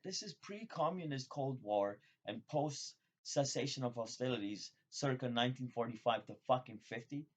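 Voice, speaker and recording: A man vlogging in a rambling, profane monologue that jumps suddenly between loud excited bursts and low mutters. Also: normal speed, few pauses. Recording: dull lo-fi sound.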